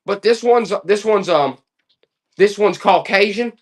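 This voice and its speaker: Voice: mid-range voice, a little slow. A live online auction seller running a stream with playful, joking sales banter.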